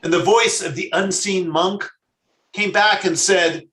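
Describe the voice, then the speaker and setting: A man, a rabbi, telling a story in a sermon, measured and slowing down for emphasis. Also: high voice, sharp tone. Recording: echoey room.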